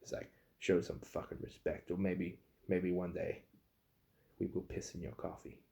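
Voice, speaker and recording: A young man, a fast food worker, bluntly ranting with swearing about rude customers in a casual story. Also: low voice, flat delivery, creaky, dark tone.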